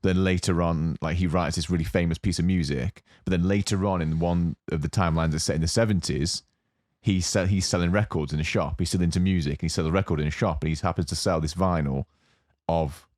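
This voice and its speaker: A young adult man co-hosting a podcast, casually telling a long story with lots of fillers and animated asides. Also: low voice, a little fast, dry recording, clean studio sound. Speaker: podcast co-host. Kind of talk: casual chat.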